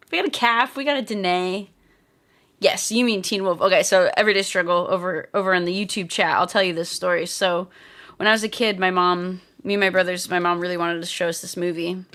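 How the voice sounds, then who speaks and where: A woman's voice: on the low side, fairly bright tone. A woman live streaming while crafting, chatting casually and reading viewer comments aloud. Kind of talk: casual livestream chat.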